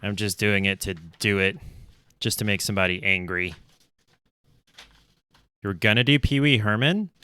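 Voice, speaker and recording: A man's voice: on the low side, normal speed, long pauses, bright, forceful tone, clean tone, no room sound. A man streaming casually while he stitches, rambling along with self-deprecating asides. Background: faint lo-fi music.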